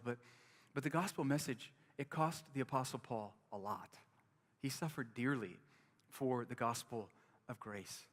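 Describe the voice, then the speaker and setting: A man's voice: mid-range voice, unhurried, big-room sound. A man preaching a sermon as pastor, earnest and repetitive, often restarting his phrases.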